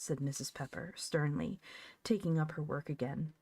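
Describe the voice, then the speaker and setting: Low mellow woman reading a story. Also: moderate pace, dry recording. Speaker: audiobook reader. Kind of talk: scripted narration.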